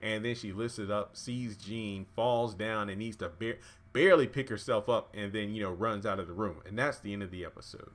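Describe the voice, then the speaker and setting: A man casually recapping and reviewing a TV episode, chatty and relaxed, with plenty of fillers. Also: on the low side, brisk. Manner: relaxed, chatty, acts out dialogue with many fillers. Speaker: YouTube TV reviewer.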